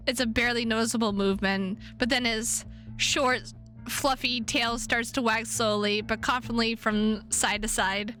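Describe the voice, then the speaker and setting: Bright playful woman streamer. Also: a little high, unhurried, soft background music. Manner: playful, animated reading with cooing asides. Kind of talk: playing and reading a visual novel aloud.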